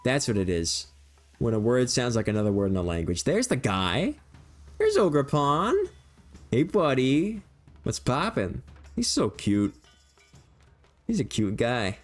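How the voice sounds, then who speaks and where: Low-voiced young man chatting over a game. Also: big pitch swings, normal speed, soft background music. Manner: rambling, jokey, laughs easily. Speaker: streamer. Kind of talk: casual gameplay commentary.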